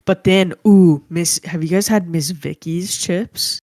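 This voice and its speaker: A woman co-hosting a podcast in casual chat with friends, blunt and quick to swear. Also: on the low side, no echo, studio quality. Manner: blunt, swears freely, loud disgusted outbursts. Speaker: podcast co-host.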